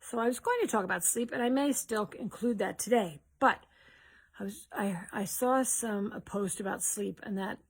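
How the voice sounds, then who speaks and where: A woman's voice: mid-range voice, normal speed, breathy edge. A woman hosting a live question-and-answer stream, greeting viewers with cheers and talking casually with rambling restarts. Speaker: host of a live Q&A.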